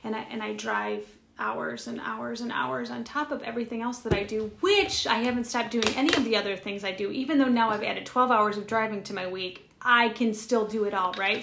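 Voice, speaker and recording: A woman's voice: on the high side, fairly even intonation, brisk, creaky, few pauses, fairly bright tone, roomy sound, a little hiss or hum. A woman co-hosting a spiritual chat show, telling a personal story in an earnest, rambling way with many restarts. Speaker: podcast co-host.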